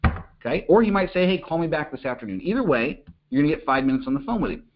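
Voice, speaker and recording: A middle-aged man coaching business owners in an energetic talk, checking in with "okay?" and acting out short phone calls. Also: fairly high pitch, quick pace, slight background noise. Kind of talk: coaching talk to an online audience. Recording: dull lo-fi audio.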